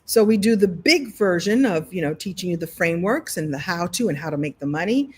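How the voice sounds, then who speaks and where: A middle-aged woman hosting a live online session as a story coach, talking to viewers in a playful, animated way and laughing often. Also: lowish voice, brisk, husky. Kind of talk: live-stream talk to viewers.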